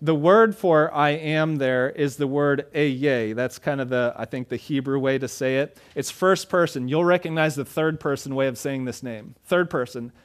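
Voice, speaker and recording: A pastor delivering a conversational sermon, often acting out the lines of the people in the story. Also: male voice, medium pitch, normal speed, hardly any pauses, smooth. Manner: conversational preaching, acts out dialogue.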